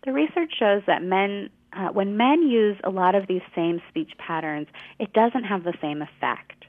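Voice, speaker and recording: A woman guest expert explaining clearly in a teacherly way and giving examples, heard over a phone line. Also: mid-range voice, lively intonation, a little slow. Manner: articulate, teacherly, gives examples. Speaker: guest expert on women's communication. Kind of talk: explanatory interview answers.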